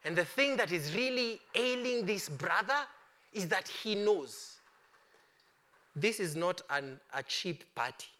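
A man preaching a sermon, passionately declaring, then dropping to hushed pleading with his congregation. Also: high voice, animated, takes it slowly. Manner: impassioned, swings from loud declaring to hushed pleading.

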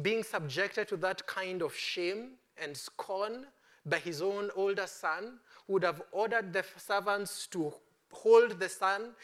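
A man preaching a sermon, passionately declaring, then dropping to hushed pleading with his congregation. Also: sits high. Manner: impassioned, swings from loud declaring to hushed pleading.

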